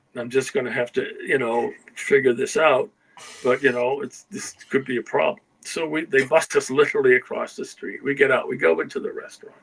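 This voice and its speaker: The voice is mid-range, gravelly and fairly bright with a breathy edge, captured on a low-quality recording. It belongs to an older man, a guest writer, who rambles through casual anecdotes and often checks in with "you know" and "okay?".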